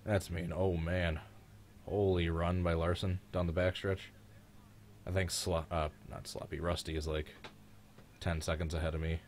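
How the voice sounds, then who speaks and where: Congested deep-voiced man hosting race chat. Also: little pitch movement, moderate pace, a little hiss or hum. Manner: chatty, teasing, rambling recollections. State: congested, voice cracking from illness. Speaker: host of a live race reaction. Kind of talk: casual live commentary with friends.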